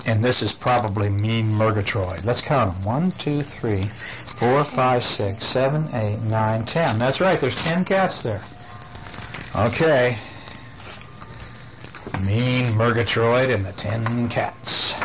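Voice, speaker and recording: A father reading a picture book aloud to his child at home, playful and animated, with chatty asides. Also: medium pitch, unhurried, noisy background. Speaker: father reading a bedtime story.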